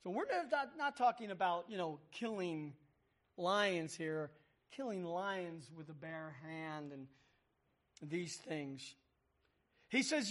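High-voiced preaching man. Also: animated, a little slow, a bit bright. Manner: reads scripture aloud, acts out the voices with emphasis. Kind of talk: sermon.

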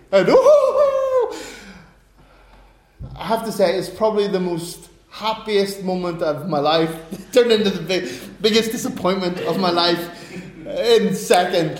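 A middle-aged man preaching a sermon, telling personal stories in an animated way, breaking into bursts of laughter. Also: high-pitched. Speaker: pastor. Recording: roomy echo.

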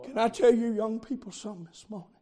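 A man preaching a revival sermon, moving from quiet storytelling to loud shouting. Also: sits high, fast talker. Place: camp meeting with congregation. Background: congregation calling amens.

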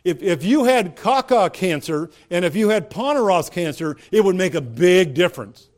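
The pastor has a high voice with lively intonation, a darkish tone, and a moderate pace. His sermon is conversational, full of rhetorical questions, and it rises to emphatic peaks.

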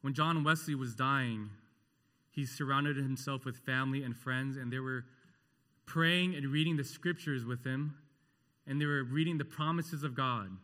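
A man preaching a sermon with impassioned delivery, rising to loud rhetorical questions and dropping to a hushed, tender tone. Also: medium pitch, moderate pace, big-room sound. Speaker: pastor.

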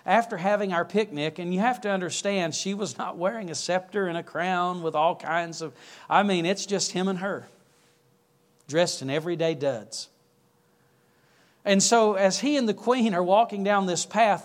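A man's voice: high voice, moderate pace. A male preacher telling an anecdote in a sermon, correcting himself mid-story.

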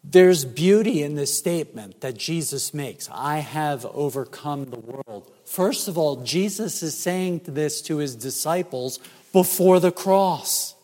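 A man preaching a sermon as pastor, emphatic and measured, with rhetorical questions. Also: on the high side, animated, darkish tone. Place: church sanctuary. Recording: church hall reverb.

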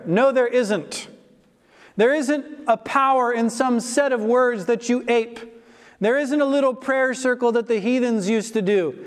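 Slow, emphatic high-voiced male preacher. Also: smooth. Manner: emphatic, slow and deliberate preaching with stressed repetitions. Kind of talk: sermon. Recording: long hall reverb.

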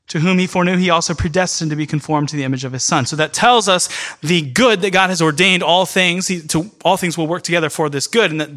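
A man preaching a sermon in an earnest, emphatic way, speeding up in bursts and then slowing down. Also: on the high side, sharp tone. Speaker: pastor. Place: church in New York City.

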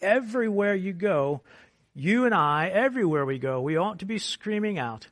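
A man preaching a sermon, moving from quiet, measured explanation to loud, impassioned appeals. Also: a little high, lively intonation, no echo, studio quality. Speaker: pastor.

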